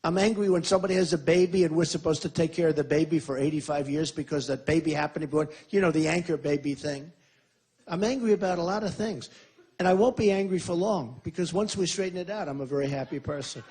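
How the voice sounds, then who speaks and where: Husky man giving an emphatic campaign speech. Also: on the high side, quick pace, darkish tone. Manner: emphatic, repetitive, boastful. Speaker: presidential candidate at a rally.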